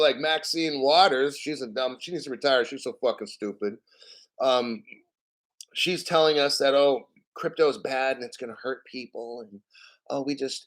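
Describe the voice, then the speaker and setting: A man hosting his own channel, ranting in casual commentary with angry, profane talk and frequent throat clearing. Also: a little high, a bit bright. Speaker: host.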